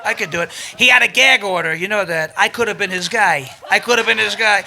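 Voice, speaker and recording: A man doing an impression of a boastful older politician, bragging in repetitive, drawn-out phrases. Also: high-pitched, bright, forceful tone, a faint crowd, slight background noise, heavily acted.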